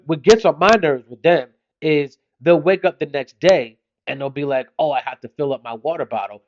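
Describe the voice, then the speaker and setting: A man's voice: sits high, highs cut off. A man in his thirties, a father doing an exasperated comedic monologue about his kids.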